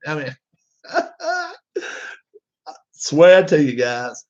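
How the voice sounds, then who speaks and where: A man's voice: fairly high pitch, wildly swooping pitch, drawn-out words, long pauses. Rambling man chatting, lo-fi sound. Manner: rambling, with many fillers and restarts. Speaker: vlogger. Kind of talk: casual chat to viewers. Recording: dull lo-fi sound.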